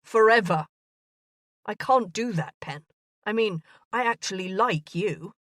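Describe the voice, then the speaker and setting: A woman voicing an earnest, bumbling gentleman of thirty proposing marriage in a romance audiobook. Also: mid-range voice, measured pace, no room sound, clean studio sound, lightly acted. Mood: pleading.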